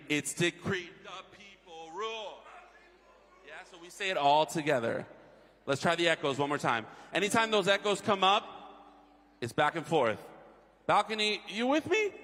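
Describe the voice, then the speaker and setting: A man on a concert stage teaching an audience a sing-along, energetic and encouraging. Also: fairly high pitch, fairly quick, a little hiss or hum. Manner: energetic and encouraging, shifts between coaching talk and singing. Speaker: audience singing leader. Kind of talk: leading a crowd sing-along rehearsal. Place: large concert hall with balcony. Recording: live hall with piano accompaniment. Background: piano.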